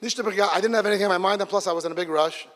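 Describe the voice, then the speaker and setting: High-voiced man telling a story in an echoing hall. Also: rapid-fire. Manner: lively storytelling, shifts into excited exclamations. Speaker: speaker at a community gathering. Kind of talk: storytelling speech to a gathering. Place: large event hall. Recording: long reverb of a big hall.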